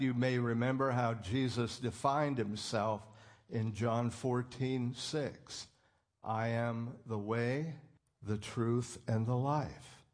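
Slow, earnest male preacher. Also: medium pitch. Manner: earnest, emphatic, quotes scripture. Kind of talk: sermon.

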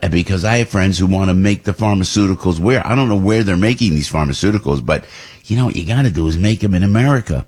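A man from New Jersey hosting a talk radio show, with a low, husky voice. He delivers opinionated commentary in a rambling way, often breaking off and restarting his sentences. His speech sounds off the cuff rather than scripted. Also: a little mellow. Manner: rambling, with many restarts and repeats.

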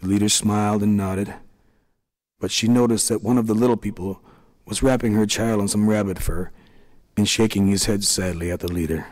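Low-voiced male storyteller, reverberant. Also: fairly even intonation, normal speed, a little mellow. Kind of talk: scripted narration. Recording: long reverb.

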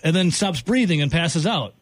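Sports radio host, male, husky and high-pitched, animated exasperated rants. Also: normal speed, no echo. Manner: exasperated ranting, voice jumping high when worked up. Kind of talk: sports talk radio banter.

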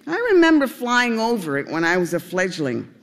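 A man voicing the oldest duck in the flock, a wise male bird who reminisces in a measured way. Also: sits high, big pitch swings, fairly bright tone, in a large hall, exaggerated voice. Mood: reminiscing.

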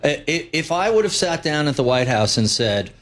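A man's voice: fairly high pitch, very animated, normal speed, a bit bright. Blunt opinionated man in a market interview. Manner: blunt, opinionated, wry asides. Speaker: guest investment commentator. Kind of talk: live financial talk interview.

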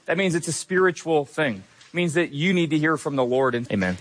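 A man's voice: fairly high pitch, animated, fairly quick. A man preaching a sermon as a pastor, earnest and conversational, with occasional fillers.

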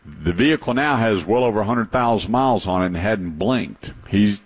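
A man's voice: fairly low pitch, lively intonation, normal speed, slightly rough. A man hosting a radio talk show about cars, chatty and emphatic, telling stories with repeated points. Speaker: radio show host, car advisor.

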